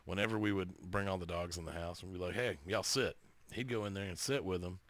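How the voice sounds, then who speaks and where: A man, co-hosting a podcast, telling animated stories, laughing and swearing. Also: sits low, fast talker. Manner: laughing, profane, animated storyteller. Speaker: podcast co-host. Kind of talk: casual chat.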